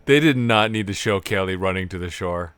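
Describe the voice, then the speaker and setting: A man's voice: sits low, fairly quick, fairly bright tone, soft background music. A man giving casual live commentary while playing a video game, chatty and self-deprecating, laughing often at his own mistakes. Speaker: game streamer.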